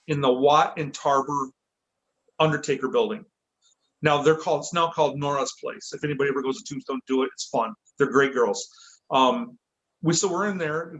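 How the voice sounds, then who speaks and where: A man's voice: on the high side, low-quality recording. Man from Michigan telling a story. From Michigan, USA. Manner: lively, self-correcting, acts out quotes. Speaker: podcast guest. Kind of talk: casual storytelling.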